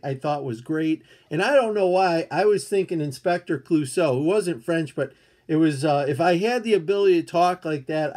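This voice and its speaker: A man's voice: fairly high pitch, a little mellow. An older man hosting a rambling live-stream chat, greeting viewers and showing comics. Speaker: comic book YouTuber.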